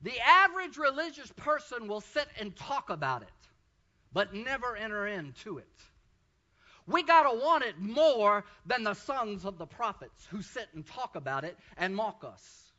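Fervent male preacher, high piercing voice that rises into shouts, heard on a dull lo-fi recording. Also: big pitch swings, unhurried. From Texas. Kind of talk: sermon.

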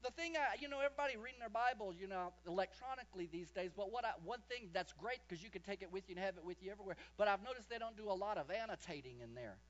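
A man preaching a sermon, impassioned, slowing down and swelling his voice for emphasis. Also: high-pitched, lively intonation, a bit bright, highs cut off.

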